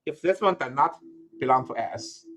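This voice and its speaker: A man's voice: medium pitch, lively intonation, normal speed, fairly bright tone, slight background noise. A male university lecturer working through a problem aloud, with many fillers and restarts. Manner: thinking aloud with frequent "uh" and self-corrections. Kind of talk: recorded lecture.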